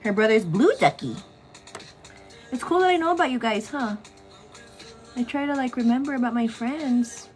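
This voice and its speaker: A woman's voice: on the high side, animated, normal speed, long pauses, faint music behind. Chatty, affectionate woman vlogger. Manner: affectionate, chatty, sing-song shout-outs to viewers. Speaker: makeup vlogger hosting a morning show. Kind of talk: casual get-ready-with-me chat.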